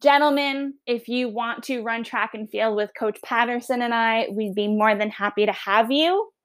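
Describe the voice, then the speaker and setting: Woman, Long Island accent, fairly high pitch, teacher, casual podcast intro, upbeat, chatty. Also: moderate pace, fairly bright tone. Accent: Long Island New York. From New York. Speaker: history teacher.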